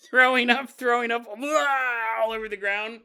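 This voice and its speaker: A man voicing a sickly young man who strains, gasps and yells in a high voice. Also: vocal fry, exaggerated voice. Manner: strained, gasping, yelling.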